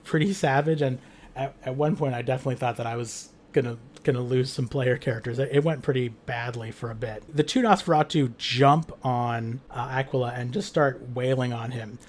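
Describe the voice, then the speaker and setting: In a brisk, medium-pitched voice with fairly even intonation, a game master recaps a tabletop game. His casual retelling rambles along with lots of "like" fillers, swearing and laughter.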